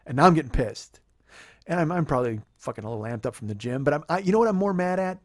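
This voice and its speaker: A man's voice: on the high side, expressive, fast talker, no echo. A man in his forties, a comedian host telling a heated, profane story and acting out the dialogue.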